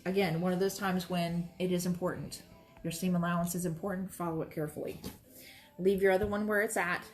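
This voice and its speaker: A woman teaching quilting in a casual demonstration, chatty and reassuring as she talks while she works at her sewing station. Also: fairly low pitch. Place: sewing room, moving between workstations.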